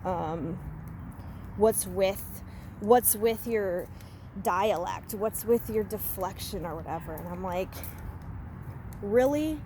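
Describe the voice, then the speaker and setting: A woman vlogging casually while walking outdoors in the woods. She talks in an expressive, engaging way, with lots of fillers. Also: medium pitch, slight background noise. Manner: expressive, animated delivery with many fillers. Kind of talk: casual walk-and-talk vlog.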